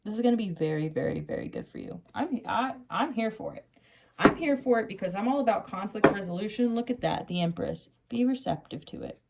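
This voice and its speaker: A woman giving a casual tarot reading who gets excited, laughs often, swears casually and calls the listener honey. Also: mid-range voice, brisk, creaky, a little hiss or hum. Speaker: tarot reader.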